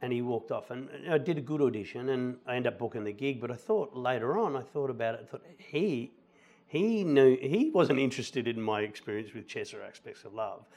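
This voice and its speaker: A middle-aged man, a musical theatre actor chatting as a guest and telling animated anecdotes. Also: medium pitch, brisk. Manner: animated anecdotes, quotes people in lively voices. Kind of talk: relaxed storytelling conversation.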